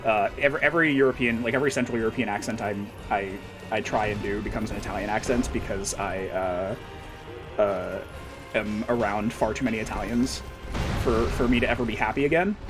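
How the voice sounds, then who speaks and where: A man's voice: on the low side, steady tone, fairly quick, over music. A man livestreaming and reading chat, rambling casually with wry, profane humor and lots of fillers.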